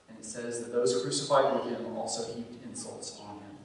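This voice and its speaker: A man preaching a sermon as pastor, swinging from emphatic, raised bursts down to low, quiet stretches. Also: steady tone, moderate pace, hardly any pauses. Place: church sanctuary. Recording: echoey church from far off with faint noise.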